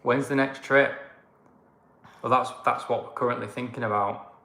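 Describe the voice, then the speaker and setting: A man's voice: medium pitch, steady tone, normal speed, pushed and bright. A man with a Northern English accent, rambling casually as he co-hosts a travel livestream. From Northern England. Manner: chatty, rambling banter. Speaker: travel vlogger, co-host. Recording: echoey room with faint ambient noise.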